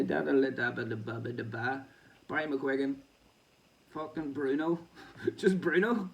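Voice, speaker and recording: A man with a gravelly, creaky voice reads boxing news aloud and riffs on it in a casual, profane way. He sits some distance back from the mic, so his voice sounds a little far off. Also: fairly high pitch, a little mellow. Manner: swearing, chatty, laughing asides. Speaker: boxing show host.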